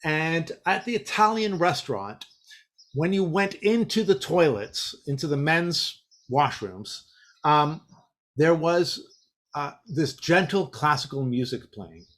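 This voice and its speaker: A man's voice: a little high, animated, slow, fairly bright tone. A man giving a casual teacher-training talk, rambling with lots of fillers and restarts. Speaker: teacher trainer presenting a session.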